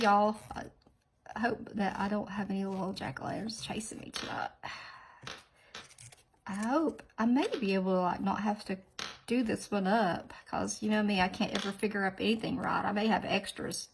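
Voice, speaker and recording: Gravelly, sniffly woman chatting. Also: medium pitch, fairly even intonation, normal speed, a little hiss or hum, poor audio. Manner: rambling, chatty, drops into soft whispered asides. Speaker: nail art channel host. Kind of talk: casual tutorial chat.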